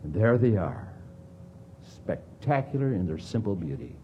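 A man preaching a sermon as a pastor, with dramatic swings between emphatic lines and hushed ones. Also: on the low side, very animated, measured pace, lo-fi sound, slight background noise.

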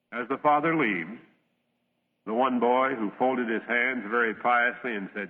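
A man preaching a sermon, reading scripture in a measured, solemn way and telling a parable. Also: mid-range voice, steady tone. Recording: tinny old radio broadcast, long reverb.

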